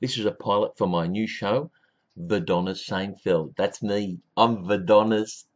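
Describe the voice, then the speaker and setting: For his own show pilot, a man rambles through a comic monologue, laughing at his own jokes and breaking into shrill, excited shouts. He speaks a little slowly. The lo-fi recording sounds dull.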